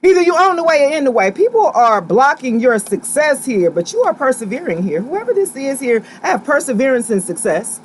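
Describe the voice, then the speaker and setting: Sassy, lively tarot-reading woman. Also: high-pitched, brisk, few pauses, a little hiss or hum. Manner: sassy, direct, slangy, animated. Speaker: tarot reader. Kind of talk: live tarot reading to viewers.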